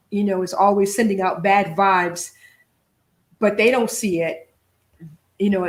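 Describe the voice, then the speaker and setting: Chatty woman host in an echoey room. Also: mid-range voice. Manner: chatty, hesitant, many fillers and restarts. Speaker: podcast host. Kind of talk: casual interview chat.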